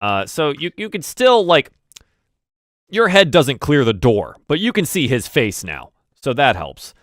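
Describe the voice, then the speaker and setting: A man's voice: mid-range voice, huge pitch swings, measured pace, a bit bright, dry recording, studio quality. A man narrating as game master, rambling with many fillers and restarts.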